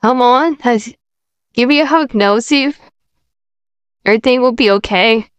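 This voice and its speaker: A woman playing a kind young female friend who gently reassures someone in a casual fan roleplay. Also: on the high side, measured pace, smooth, dry recording, natural voice. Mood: reassuring.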